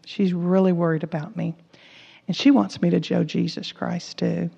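A woman's voice: on the low side, little pitch movement, moderate pace, creaky, dark tone, slightly rough. A woman preaching a sermon, earnestly telling personal stories and acting out the dialogue in them. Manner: earnest, acts out quoted dialogue. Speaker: Bible teacher. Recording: echoey hall, dull lo-fi sound.

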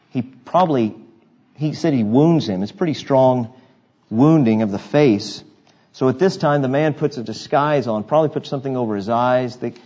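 A man with a husky, slightly breathy voice preaches a sermon, moving between scripture reading and conversational asides. He keeps asking his congregation rhetorical questions. The recording sounds dull and lo-fi. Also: mid-range voice, mellow. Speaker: pastor. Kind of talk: expository sermon.

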